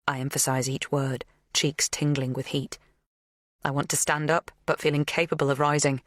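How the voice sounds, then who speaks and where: A woman reading a thriller audiobook in measured, scripted first-person narration. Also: low-pitched, steady tone, a bit bright, no echo, studio quality.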